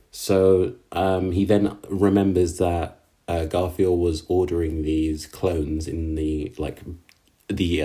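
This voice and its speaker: A man casually recapping an anime episode, halting with lots of fillers and slangy asides. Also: low-pitched, warm tone. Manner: halting, filler-heavy, slangy, laughs at own jokes.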